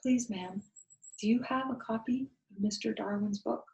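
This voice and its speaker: A woman's voice: on the high side, normal speed, vocal fry, a little mellow, reverberant, pitched above the performer's own voice. A woman reading aloud and voicing a spirited eleven-year-old girl, earnest and a little flustered.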